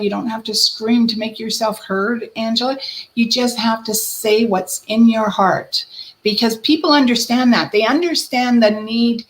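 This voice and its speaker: A woman hosting a live-stream card reading as a psychic medium, addressing viewers by name in a gentle, reassuring way. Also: fairly high pitch, rough recording.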